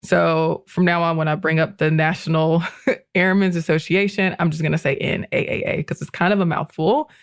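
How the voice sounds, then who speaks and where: A woman telling a history story on a podcast in a relaxed, chatty way, often breaking into laughter. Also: sits low, moderate pace, clear, resonant tone, dry recording, studio quality. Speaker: guest presenter.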